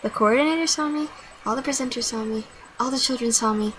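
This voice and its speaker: A woman's voice: on the high side, quick pace, a bit bright, poor audio. A teenage girl ranting casually to camera, telling a story bluntly with lots of swearing and quoted dialogue. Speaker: vlogger. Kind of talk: casual vlog rant.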